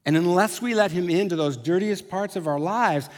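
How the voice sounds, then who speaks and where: Guy pastor preaching, chatty, lively asides, voice a bit high, big reverby church. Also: moderate pace. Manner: conversational, animated asides. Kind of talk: sermon. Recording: long hall reverb.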